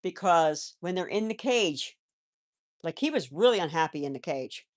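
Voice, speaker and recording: A woman chats casually on a live stream about rabbits, rambling and restarting her sentences. Her pitch rises and falls a lot. Her voice fades in and out as she moves away from the mic to coo at her pets. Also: lively intonation, normal speed. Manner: soft baby-talk to pets, often away from the mic. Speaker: pet channel host.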